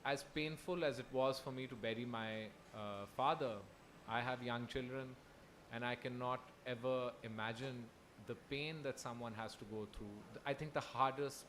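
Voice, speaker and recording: A young man from Pakistan telling his own story on a festival stage, earnest and halting, with many restarts. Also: medium pitch, fairly even intonation, fairly bright tone, a little hiss or hum. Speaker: festival speaker. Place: festival hall.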